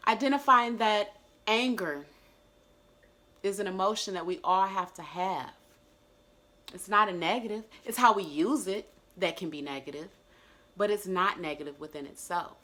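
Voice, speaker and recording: A young adult woman vlogging a personal reflection, earnest and emotional, sometimes dropping into soft, gentle self-talk. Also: mid-range voice, normal speed, pauses often.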